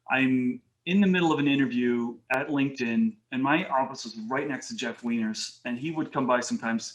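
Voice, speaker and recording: A man's voice: mid-range voice, slight background noise. Man, podcast guest, casual storytelling, acts out quoted voices. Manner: animated anecdotes with quoted voices.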